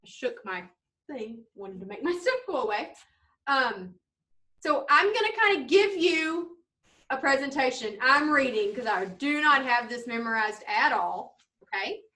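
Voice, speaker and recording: A woman's voice: sits high, sing-song, measured pace, sharp tone. A middle-aged woman, a club leader giving a chatty instructional demo to kids and checking in often. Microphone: video camera. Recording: distant camera mic.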